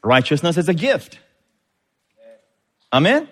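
A man's voice: fairly high pitch, sing-song, takes it slowly. Man, middle-aged, pastor, emphatic sermon, calls for amens. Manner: emphatic preaching, repeats words, asks the congregation for amens.

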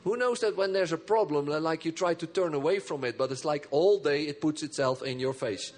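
A man preaching a sermon in an animated way, often laughing and repeating his words. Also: a little high, fairly quick.

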